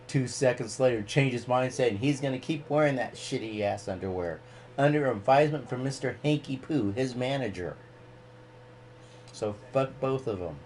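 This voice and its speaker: A man's voice: mid-range voice, normal speed, darkish tone, a little hiss or hum. A man hosting a casual live stream, rambling and ranting freely with plenty of swearing.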